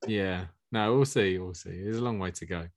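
Man, podcast host, fairly low voice, playful, reading questions in casual chat. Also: normal speed. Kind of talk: casual chat about fantasy football.

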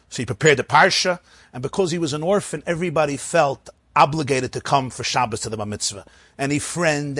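A man telling an animated religious story, acting out the people in it. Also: on the high side, no echo. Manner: animated, acts out the characters.

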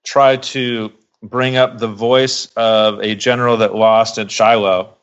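A man's voice: fairly low pitch, little pitch movement, slow, smooth. A man co-hosting a podcast, asking dry, incredulous questions in a casual film chat. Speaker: podcast co-host. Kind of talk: casual movie review chat. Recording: slightly dull lo-fi sound.

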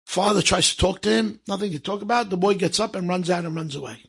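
A man telling stories to an audience in a lively way, acting out the people in them and slipping in Hebrew phrases. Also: high voice, fast, vocal fry, few pauses, breathy edge. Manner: lively, acts out quoted speech, sprinkles Hebrew phrases. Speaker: storyteller. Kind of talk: animated storytelling to an audience.

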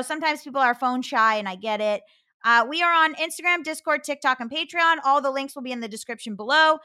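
A woman's voice: high voice, bright, forceful tone. An American woman in her thirties hosting a podcast in casual chat, talking with lots of fillers. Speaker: podcast host.

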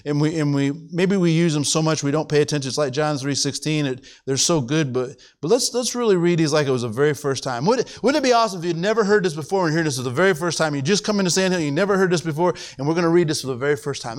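A man preaching a sermon to his congregation, his clear, resonant voice sitting a little high. He restarts and repeats words often, and when a point matters he climbs sharply in pitch with passion. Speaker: pastor.

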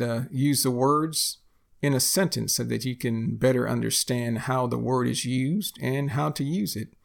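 A man from Texas with a Texan accent, teaching English phrases slowly and deliberately, repeating each example. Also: mid-range voice, vocal fry. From Texas, United States. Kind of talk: explaining lesson.

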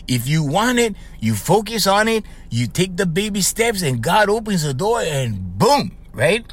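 A man's voice: sits high, very animated, a little slow, husky. A middle-aged man with a Hawaiian Pidgin-tinged accent, rambling casually as a life coach podcast host and tagging lines with "right?". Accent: Hawaiian Pidgin-tinged English. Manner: rambling, conversational, frequent "right?" tags; laughs often while telling stories. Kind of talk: casual monologue.

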